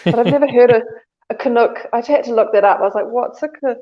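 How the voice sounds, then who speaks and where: A woman co-hosting a comedy livestream, talking in a relaxed, hesitant way with many ums. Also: a little high, racing, highs cut off. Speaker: comedy show co-host. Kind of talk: casual live banter.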